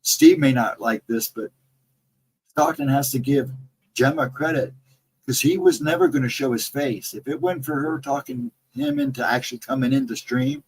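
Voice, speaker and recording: A man's voice: mid-range voice, very animated, normal speed, vocal fry, a little hiss or hum, rough recording. A middle-aged man with a Central Ohio accent, chatting casually on a livestream. He rambles through stories, reads out chat comments, and has trouble with his R and W sounds. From Central Ohio, near Columbus. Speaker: livestream co-host.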